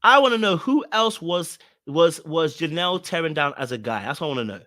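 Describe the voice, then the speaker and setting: A man's voice: fairly high pitch, lively intonation, a little fast, sharp tone, no room sound, studio quality. A man giving casual reaction commentary, emphatic and blunt, repeating himself with plenty of slang.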